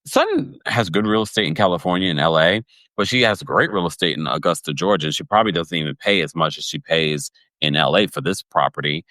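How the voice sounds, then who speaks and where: A man hosting a livestream podcast recap, chatty and animated, laughing often and reading viewers' comments. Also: low-pitched, fairly quick, dry recording. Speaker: podcast host recapping reality TV.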